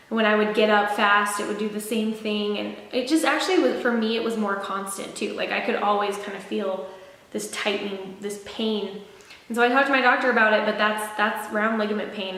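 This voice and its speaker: A woman's voice: medium pitch, fairly bright tone. Chatty young woman in an echoey room. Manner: chatty, rambling, many fillers and restarts. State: out of breath. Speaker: vlogger. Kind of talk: casual sit-down pregnancy update. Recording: very echoey room with long reverb.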